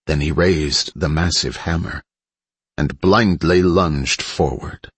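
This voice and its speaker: Husky low-voiced man narrating. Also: takes it slowly, no echo. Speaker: audiobook narrator. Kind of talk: scripted narration.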